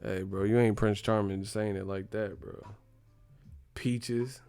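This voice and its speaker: A man's voice: fairly low pitch, takes it slowly, gravelly, clean tone. Laughing, slangy man on a livestream. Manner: animated, laughs often, slangy and profane. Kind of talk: casual livestream chat.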